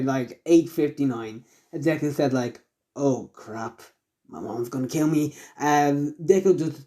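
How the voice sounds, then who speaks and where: A man narrating a homemade fan story off the cuff, rambling along with constant fillers and stops to correct himself. His voice is mellow and dark. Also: fairly high pitch. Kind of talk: improvised fan-fiction narration.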